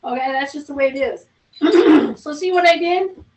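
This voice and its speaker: A woman's voice: high voice, normal speed, darkish tone, far from the mic. A woman fitness instructor leading a seated strength class at home, coaching in a chatty way and calling out breaths and reps. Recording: roomy, from off-mic, faint noise.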